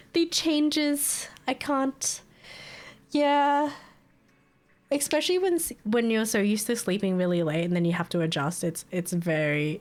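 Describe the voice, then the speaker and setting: A young woman streaming live, chatting casually and telling stories in an animated, exasperated way. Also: on the low side. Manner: chatty, animated storytelling with laughs and exasperated asides. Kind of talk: casual chat.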